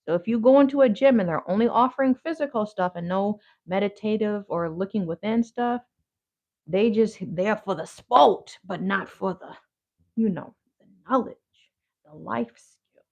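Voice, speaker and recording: A woman's voice: medium pitch, normal speed, gravelly, darkish tone, muffled recording. A woman hosting a casual livestream while she crafts, rambling in slang and talking back to her chat. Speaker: yoga therapist and crafter, livestream host.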